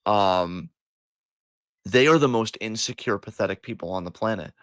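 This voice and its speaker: A man's voice: fairly low pitch, moderate pace, a bit bright, dry recording. A man co-hosting a podcast, delivering a heated, profanity-laced monologue that turns self-deprecating at times. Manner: impassioned, profane ranting. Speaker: podcast co-host.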